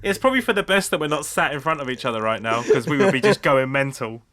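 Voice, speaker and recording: Bright-voiced, cheeky man. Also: mid-range voice, sing-song, fast. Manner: cheeky, crude joking. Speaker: podcast co-host. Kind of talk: casual chat. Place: remote recording, apart from co-host.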